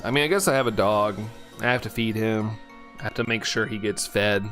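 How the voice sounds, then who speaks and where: A man's voice: lowish voice, fairly quick, fairly bright tone, faint music behind. Chatty, joking man streaming a game. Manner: chatty and rambling, playful jokes and laughter. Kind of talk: casual live-stream chat with chat readers.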